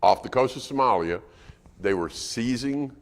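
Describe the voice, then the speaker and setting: A man's voice: medium pitch, expressive, normal speed, gravelly. A man preaching a sermon as guest speaker, conversational and asking the congregation questions. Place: church auditorium. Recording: reverberant church hall.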